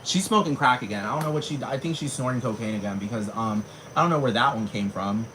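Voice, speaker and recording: A man's voice: medium pitch, fast, background noise. A man ranting casually to camera, slangy and profane, with sudden dramatic jumps in his voice. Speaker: vlogger.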